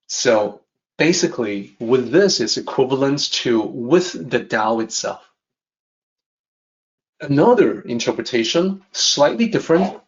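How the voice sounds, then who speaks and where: A man teaching a lesson on a classic text, calmly repeating and rephrasing each idea. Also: medium pitch, dull audio. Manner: measured, repeats and rephrases ideas. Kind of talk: calm explanatory lesson.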